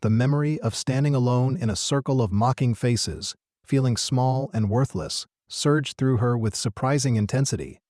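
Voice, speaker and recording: A man narrating a scripted story in a steady, earnest manner. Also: medium pitch, normal speed, dry recording, clean studio sound.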